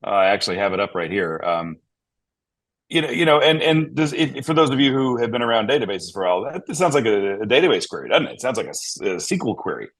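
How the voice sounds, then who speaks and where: A man with a slightly low voice recounts a story with plenty of energy, piling on fillers and quick asides. He sounds like a panel guest talking casually among colleagues. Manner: animated, lots of fillers and asides.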